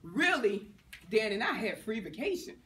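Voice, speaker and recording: A middle-aged woman banker from Virginia gives a motivational talk to students, quick to laugh and to act out the people she quotes. Her voice sits fairly high. She sounds distant from the mic in an echoing lecture room, with a faint hiss underneath. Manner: lively, laughing, acts out quotes. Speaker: banker and guest speaker.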